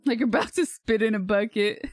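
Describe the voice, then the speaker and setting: A woman's voice: a little high, brisk, no room sound, studio quality. A woman from California streaming live, thinking aloud in a hesitant way and laughing at herself. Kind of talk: casual livestream chat.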